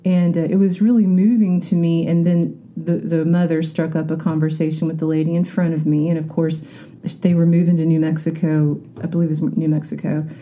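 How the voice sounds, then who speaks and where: Candid, dark-voiced woman musing aloud. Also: low voice, little pitch movement, a little fast. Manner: candid, rambling, acts out quoted voices, frequent restarts. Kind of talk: casual reflective monologue.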